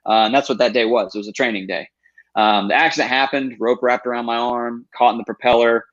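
A man's voice: mid-range voice, steady tone, a little fast, fairly bright tone. A man in his thirties, a guest telling his story with earnest emphasis and quoting what he said to himself. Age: 30s. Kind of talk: storytelling interview. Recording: dull lo-fi sound.

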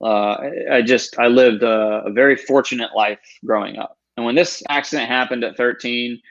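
An earnest man in his thirties tells his story as a guest, in a voice of middling pitch. He pushes his points with emphasis and often acts out his own past words. The sound is somewhat dull and lo-fi. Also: fairly even intonation, moderate pace, a bit bright. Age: 30s. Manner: earnest and emphatic, quoting himself. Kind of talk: storytelling interview.

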